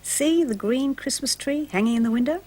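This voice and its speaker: A woman narrating a storybook for young children, gentle and expressive, asking the listeners questions. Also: high-pitched, brisk, husky.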